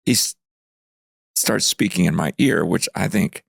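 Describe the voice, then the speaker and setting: A man in his fifties, a pastor, telling a story earnestly in conversation, growing animated as he retells it. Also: low voice, measured pace, creaky, breathy edge, dry recording, clean studio sound. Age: 50s. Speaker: pastor, guest.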